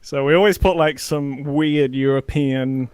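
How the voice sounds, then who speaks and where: A man guest on a casual interview podcast, telling stories in an animated way and laughing often. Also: medium pitch, measured pace, clear, resonant tone, no room sound. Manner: animated, laughing storyteller acting out exchanges. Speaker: streamer guest.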